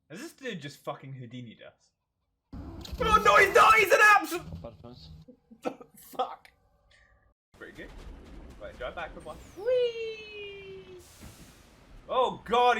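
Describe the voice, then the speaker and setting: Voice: medium pitch, a bit bright, slight background noise. A streamer giving casual gameplay commentary, swearing freely, laughing often and breaking into sudden yelps.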